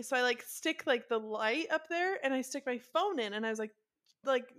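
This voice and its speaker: A woman in her thirties, co-hosting a podcast in casual chat and telling a story with lively acted-out quotes. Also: normal speed. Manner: animated storyteller, acting out quotes with big pitch jumps. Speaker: podcast co-host.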